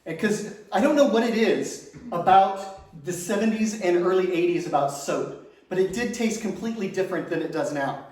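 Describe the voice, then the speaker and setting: A man's voice: high-pitched, normal speed, a little mellow. A man performing a stand-up comedy set, self-mocking and fishing for applause for himself. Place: comedy stage before a live audience. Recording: echoey room, far from mic.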